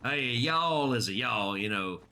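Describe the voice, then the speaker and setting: A man's voice: medium pitch, lively intonation, unhurried, bright, forceful tone. A man streaming a video game, chatting casually and joking in rambling asides into his desk microphone. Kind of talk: casual live-stream commentary.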